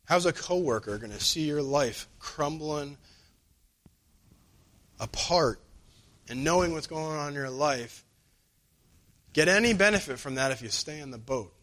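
A man preaching a sermon in a conversational way. He slows down to stress key lines and jumps up in pitch when he acts out what other people say. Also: animated, fairly bright tone.

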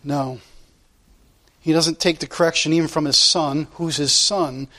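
A man's voice: on the high side, steady tone, measured pace, sharp tone. A male pastor preaching a sermon in a blunt, impassioned way, repeating his points.

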